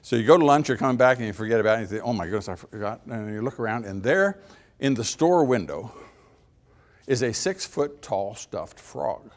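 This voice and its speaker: A middle-aged man with a mid-range voice speaks at a normal pace, delivering a folksy speech. He's an animated storyteller who acts out little dialogues and chuckles at his own jokes.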